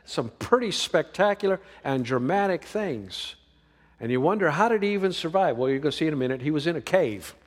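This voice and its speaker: A man preaching a sermon, swinging between emphatic lines and hushed ones. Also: a little high, animated, fairly quick. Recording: long reverb of a large hall.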